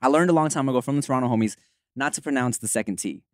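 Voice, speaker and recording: A man's voice: medium pitch, rapid-fire, dry recording, clean studio sound. A man with a Los Angeles accent, co-hosting a podcast in casual chat, slangy and laid-back, laughing often. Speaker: podcast co-host.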